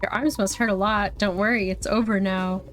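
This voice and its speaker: A woman reading a game's dialogue aloud, voicing an earnest young heroine who gently reassures the hostages she has come to rescue. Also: medium pitch, steady tone, moderate pace, faint music behind, natural voice. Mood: reassuring.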